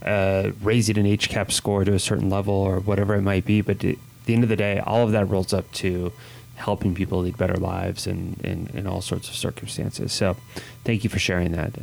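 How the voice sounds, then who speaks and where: Male interview host, 40s, gravelly and low, halting delivery. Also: little pitch movement, a little mellow. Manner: halting, repeats words, upbeat when introducing segments. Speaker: podcast host. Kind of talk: interview chat.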